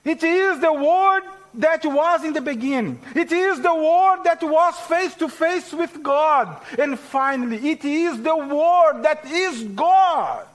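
Portuguese-accented male preacher, high-pitched, deliberate and slow, stresses key words. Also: expressive, fairly bright tone, poor audio. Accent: Brazilian Portuguese. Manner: slow, emphatic teaching with rising stresses. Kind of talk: sermon.

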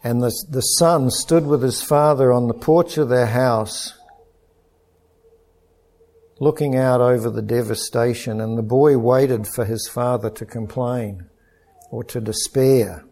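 A middle-aged pastor preaching an earnest, measured sermon with stories. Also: male voice, medium pitch, fairly even intonation, mellow.

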